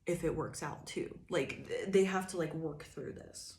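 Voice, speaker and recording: A woman's voice: deep voice, measured pace, a little mellow. Chatty woman reading tarot in a roomy space. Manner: rambling, chatty, laughs often, restarts a lot. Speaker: tarot reader. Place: room indoors by a window.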